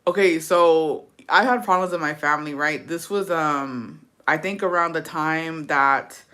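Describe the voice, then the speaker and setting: A woman's voice: deep voice, a bit bright. Chatty, profane young woman storyteller. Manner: profane, chatty, mixes in Spanish words. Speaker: livestreamer. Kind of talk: casual storytelling chat.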